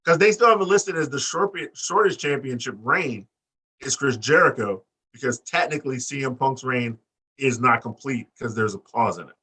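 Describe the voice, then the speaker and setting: A man's voice: mid-range voice, expressive, moderate pace, bright, forceful tone, husky, rough recording. A man co-hosting a casual wrestling podcast, explaining things in a blunt, dismissive way. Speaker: podcast co-host.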